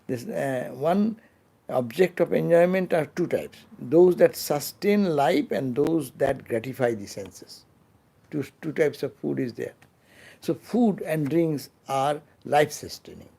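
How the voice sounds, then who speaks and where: Gravelly, mellow-voiced swami teaching slowly. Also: male voice, fairly high pitch, expressive. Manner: slow, halting delivery with many restarts and fillers, trailing off softly at phrase ends. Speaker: swami giving a scripture class. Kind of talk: unscripted spiritual lecture. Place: temple lecture hall.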